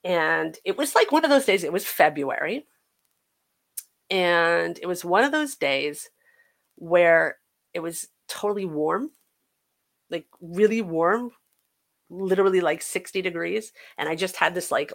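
Gravelly-voiced woman telling her story. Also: on the low side. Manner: halting, earnest, many restarts and fillers. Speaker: podcast guest. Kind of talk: personal recovery story told in conversation.

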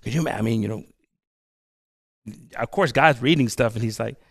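A man preaching a sermon, earnest, swinging between soft and loud, repeating his phrases. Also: medium pitch, normal speed, vocal fry, no room sound, studio quality. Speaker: pastor.

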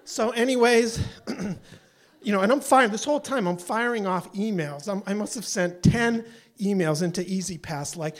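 A man in his sixties telling a story live on stage, exasperated and animated, acting out the people he quotes. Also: high voice, normal speed. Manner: exasperated, animated, mimics voices.

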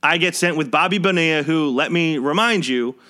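A man's voice: on the high side, fairly quick, bright, forceful tone. A young man hosting a podcast, casually telling a personal work story in a wry, conversational way and chuckling as he goes. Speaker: podcast host.

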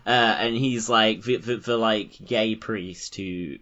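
A man's voice: lowish voice, takes it slowly, sharp tone, lo-fi sound. A man co-hosting a podcast, chatting casually about a film, rambling, swearing and laughing often. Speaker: podcast co-host.

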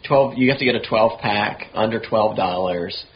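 A man's voice: on the low side, normal speed. A man hosting a casual, easygoing podcast interview. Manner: easygoing, chuckling. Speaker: podcast host. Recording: dull lo-fi sound with faint hiss.

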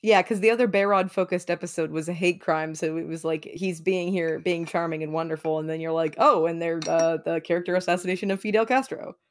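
A woman's voice: on the low side, fairly quick, hardly any pauses. A woman guest co-hosting a podcast in casual chat, blunt and wry, with strong opinions, on her own mic over a remote call. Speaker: guest co-host.

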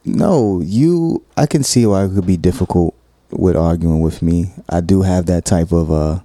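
Man, very low voice, deeply mellow tone, dry sound, earnest explaining, casual relationship talk. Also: moderate pace, no room sound. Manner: earnest, explains at length with repeated examples. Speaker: podcast co-host.

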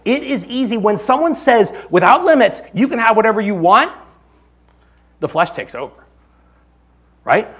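A male pastor giving a sermon in a conversational, joking style with quick asides. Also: high-pitched, a bit bright.

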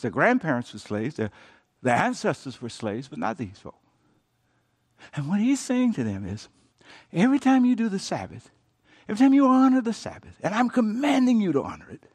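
A man preaching in a church, his voice high and swinging widely in pitch as he calls on the congregation to answer back and climbs toward shouting. The sound carries a long reverb from a large hall. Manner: call-and-response preaching, builds to shouting. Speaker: pastor. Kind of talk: sermon.

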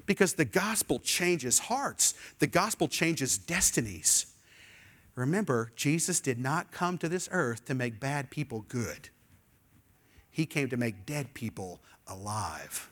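A middle-aged male pastor preaching a sermon, animated and leading the congregation in call-and-response. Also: mid-range voice, measured pace.

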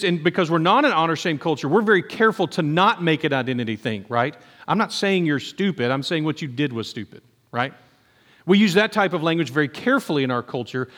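Man, pastor, sermon, chatty preaching, acts out quoted voices, slightly high voice, long reverb. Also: a bit bright. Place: church sanctuary.

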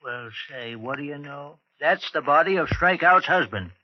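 Actor as a homespun backwoods sheriff, drawling country talk, old radio drama. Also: male voice, fairly high pitch, lively intonation, moderate pace, natural voice. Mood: folksy. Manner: folksy, drawling, homespun sayings. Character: folksy rural male county sheriff. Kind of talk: 1940s radio acting. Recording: dry lo-fi 1940s radio broadcast.

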